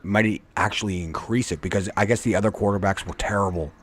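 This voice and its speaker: A man's voice: on the low side, fairly even intonation, fast, a bit bright, husky. A man hosting a casual sports talk stream with callers, talking in a hesitant way with frequent restarts. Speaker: stream host. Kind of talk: casual sports call-in chat.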